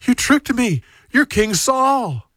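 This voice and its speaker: A man's voice: very high-pitched, very animated, slow, a bit bright, no room sound, clean studio sound, heavily acted. A man voicing a frightened woman medium who shrieks at a king, in a radio Bible drama. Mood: accusing. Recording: distant voice under music.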